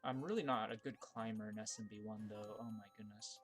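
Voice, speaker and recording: A man's voice: fairly quick, faint music behind. A man giving casual live-stream commentary while playing viewer-made game levels, thinking aloud with restarts and fillers, and yelping when something surprises him. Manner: bursts of high excitement at surprises.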